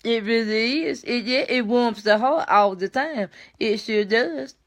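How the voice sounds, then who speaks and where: An older woman, chatting warmly on a live stream and greeting viewers by name. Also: a little high, measured pace. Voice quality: warm, folksy. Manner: chats with viewers by name, repeats herself, laughs easily. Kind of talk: casual live chat with viewers.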